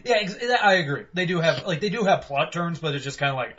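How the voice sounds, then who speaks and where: A man co-hosting a casual game review podcast, animated and swearing freely as he talks. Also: a little high, brisk, few pauses. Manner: animated, swears freely, puts on voices for quotes. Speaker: podcast co-host. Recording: dull lo-fi podcast audio.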